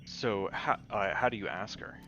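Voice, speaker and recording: A man's voice: fairly low pitch, normal speed, bright, forceful tone, highs cut off, faint music behind. A man narrating as game master in a tabletop game, describing scenes unhurriedly with frequent fillers.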